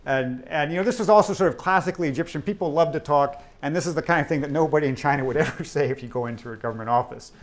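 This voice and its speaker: A man's voice: a little high, rapid-fire, hardly any pauses. A middle-aged man giving a keynote lecture, telling stories from his reporting in a casual, conversational way with frequent ums and restarts. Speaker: keynote speaker. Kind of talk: lecture storytelling. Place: lecture hall.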